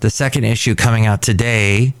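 A man's voice: fairly low pitch, steady tone, a little fast, no echo. A man hosting a casual podcast outdoors near a cafe, giving sarcastic, ranting asides. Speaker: podcast host. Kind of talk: casual solo podcast talk. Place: outside a cafe.

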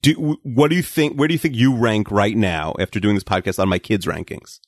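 Low gravelly man hosting a podcast. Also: fairly quick, dry recording, clean studio sound. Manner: rambling, hesitant, teasing. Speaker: podcast host. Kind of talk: casual chat.

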